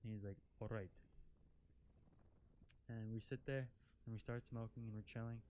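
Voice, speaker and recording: A man's voice: lowish voice, steady tone, quick pace, mellow, a little hiss or hum. A young man telling a casual storytime as a vlogger, rambling, swearing and leaning on "like" constantly, while out driving an off-road vehicle. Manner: rambling, profane, filler-heavy with constant "like".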